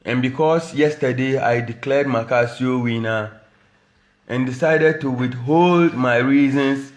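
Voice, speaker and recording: A Ghanaian rapper and radio presenter taunts a rival in a boastful diss video filmed at home, switching between English and Dagbani with a Ghanaian accent. His medium-pitched voice is unhurried and reverberant.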